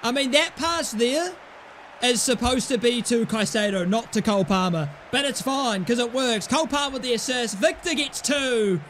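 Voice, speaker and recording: A young man calls his own football video game, swearing and shouting at his players. His voice sits very high and bright. A faint hiss runs under the recording. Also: moderate pace. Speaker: gaming YouTuber. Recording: faint background noise.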